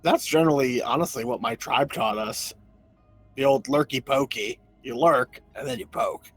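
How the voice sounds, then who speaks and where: A man's voice: mid-range voice, normal speed, slightly rough, soft background music. A man playing a tabletop game in character, making dry jokes. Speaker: player. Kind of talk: in-character play.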